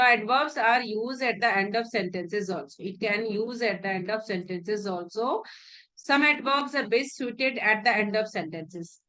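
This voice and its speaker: A woman's voice: a little high, sharp tone. A woman with an Indian English accent teaching an exam-prep grammar lesson, repeating example sentences and breaking them down word by word.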